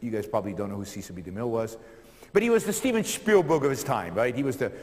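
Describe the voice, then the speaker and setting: A man's voice: medium pitch, fast. Man lecturing in a reverberant hall. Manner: energetic storyteller with many fillers and repeated words. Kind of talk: public lecture storytelling.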